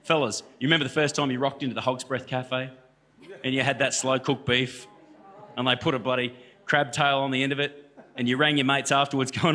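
Australian man, quick talker, ringing bright tone, jokey, talks straight to the crowd. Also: mid-range voice, little pitch movement. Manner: chatty, joking, addresses the audience directly. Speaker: guest speaker and musician. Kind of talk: storytelling talk to a church audience. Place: church hall.

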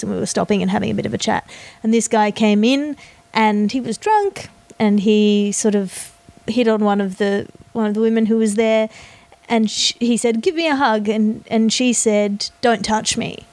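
A woman's voice: mid-range voice, darkish tone, no room sound. A woman in casual chat sharing a similar experience in a thoughtful, conciliatory way. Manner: reflective, conciliatory.

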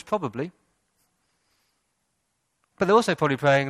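Man, pastor preaching, fairly high voice, rhetorical questions, church hall. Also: expressive, normal speed, long pauses, a bit bright. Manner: rhetorical questions, rises to emphatic passages. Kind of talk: sermon.

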